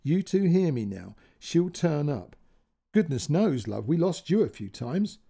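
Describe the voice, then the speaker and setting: A man's voice: on the high side, big pitch swings, measured pace, creaky, dark tone, exaggerated voice. A man voicing an older mother who speaks firmly and steadily to reassure her daughter. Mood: reassuring. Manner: firm and reassuring.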